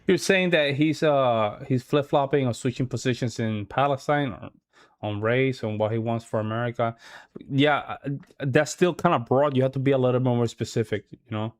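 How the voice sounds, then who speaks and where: A man's voice: medium pitch, normal speed, no echo, studio quality. A man hosting a reaction video, chatting casually and asking for specifics. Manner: casual, questioning, asks for specifics. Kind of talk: reaction commentary.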